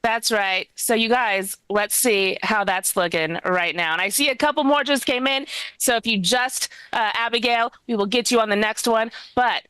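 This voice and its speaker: Woman, comedy show host, upbeat, chatty, bright tone, dry sound. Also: on the high side, moderate pace, smooth, dry recording, low-quality recording. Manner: upbeat, chatty, reads out donations. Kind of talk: live comedy show hosting. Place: comedy club.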